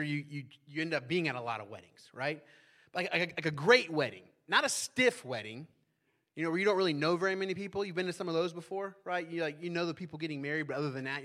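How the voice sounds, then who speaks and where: A man preaching a sermon as pastor, talking in a relaxed, conversational way and often checking in with listeners by asking "right?". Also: mid-range voice.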